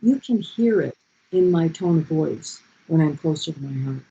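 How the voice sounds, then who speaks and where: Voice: medium pitch, expressive, moderate pace, vocal fry, dark tone, slightly rough, highs cut off. An adult leading a group session in a heartfelt motivational talk, passionate and repeating key phrases, over a video call.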